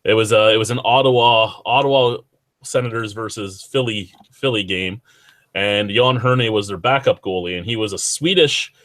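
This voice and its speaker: A man's voice: on the low side, moderate pace, fairly bright tone, no echo. A young man hosting a podcast, rambling and swearing freely in casual chat. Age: young adult. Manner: profane, rambling hockey banter. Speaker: podcast host.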